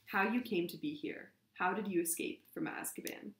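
A woman reading the lines of a calm, gentle old male headmaster wizard who speaks quietly. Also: mid-range voice, normal speed, close to an everyday voice. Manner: quiet and soft-spoken. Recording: roomy echo.

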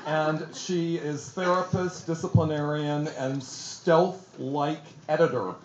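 A man's voice: fairly high pitch, animated, slow, roomy sound, highs cut off, background noise. A man giving an effusive, theatrical, self-deprecating talk about his book to an audience at a bookstore event. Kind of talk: casual public talk.

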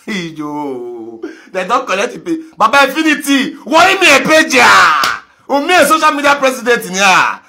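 A man with a Nigerian Pidgin accent ranting on a live video, mocking, laughing and breaking into shouts. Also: sits high. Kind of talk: animated rant in pidgin.

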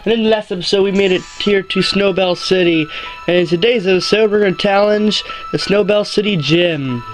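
A man's voice: high voice, brisk, soft background music, poor audio. A man hosting a casual let's play, rambling and jokey and often correcting himself as he goes. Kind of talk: casual gameplay commentary.

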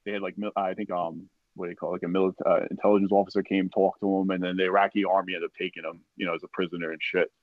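A man with a low voice recounts a war story as a podcast guest. He is casual and profane, acts out the shouts of the people around him, and fills his speech with "like" and "you know". The recording is dry and a little dull. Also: rapid-fire, few pauses, no room sound. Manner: profane, animated retelling with acted-out quotes; heavy use of "like" and "you know". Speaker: podcast guest, army veteran.

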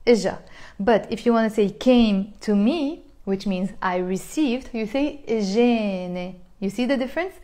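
A woman's voice: medium pitch, dark tone. Chatty Lebanese woman teaching phrases. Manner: chatty, repeats phrases slowly for learners. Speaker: Arabic teacher. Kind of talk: live online language lesson.

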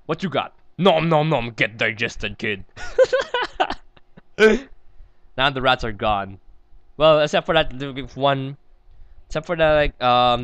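A man giggling and rambling his way through casual gameplay commentary, chatting to himself as he plays. His voice sits at an ordinary middle pitch and sounds smooth and resonant. The recording is dry and close, with no room sound. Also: fairly bright tone, no room sound, dull audio. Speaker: let's play host.

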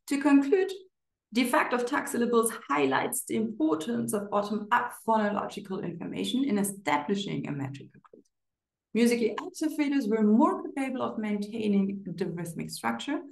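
A woman giving an academic conference presentation of research results, measured and paused with frequent fillers. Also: mid-range voice, gravelly. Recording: roomy echo.

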